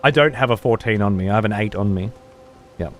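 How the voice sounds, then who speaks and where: Faint music sits behind a man with a lowish voice talking quickly as he streams a game. He offers live commentary on the play and rants profanely at his chat.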